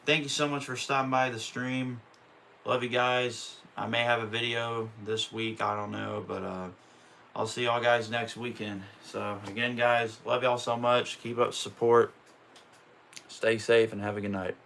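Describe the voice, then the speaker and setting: Male streamer, mid-range voice with a sharp edge, calls laps casually and curses through his frustration. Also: mid-range voice, level tone, unhurried, creaky, slight background noise. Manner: profane, openly frustrated ranting. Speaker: streamer calling a race. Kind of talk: casual live-stream play-by-play.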